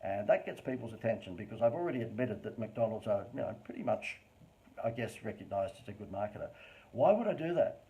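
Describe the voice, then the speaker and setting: Animated Australian man, mellow voice. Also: on the low side, brisk, low-quality recording. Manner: animated, over-the-top inflection; chatty, informal asides. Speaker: marketing presenter on a live stream. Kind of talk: live-streamed business talk.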